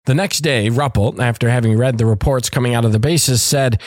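A podcast host with a medium-pitched, brisk voice reads a story casually, tossing in asides, jokes and some swearing. The studio-quality recording has no echo.

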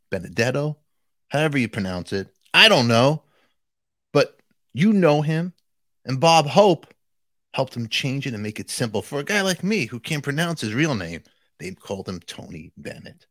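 With a medium-pitched voice and a dry recording, a man hosting his channel chats to his audience head-on. His delivery is animated and playful.

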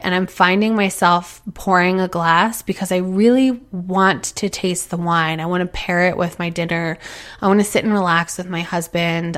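A woman in her thirties hosts a solo talk and speaks in a slightly low voice. She sounds earnest and encouraging as she offers reflective advice. She circles back to her points gently.

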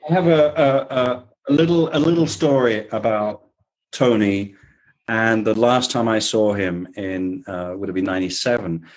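A man guest on a video-call interview, reminiscing in a halting way with repeated words. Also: on the low side, low-quality recording. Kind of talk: casual interview chat.

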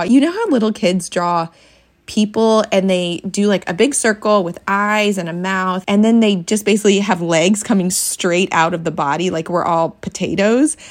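A young adult woman hosting a parenting podcast, talking in a frank, chatty way and acting out quotes in a brighter voice. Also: medium pitch. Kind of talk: casual chat.

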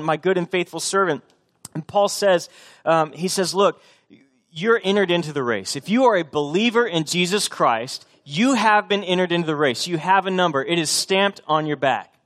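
Man preaching a sermon, earnest, repeats phrases, a bit high-pitched. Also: fairly bright tone. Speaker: pastor.

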